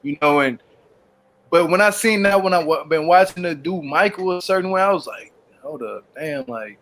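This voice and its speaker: A man's voice: fairly high pitch, normal speed, fairly bright tone, a little hiss or hum. A man with a Southern US accent telling stories in slangy casual panel chat.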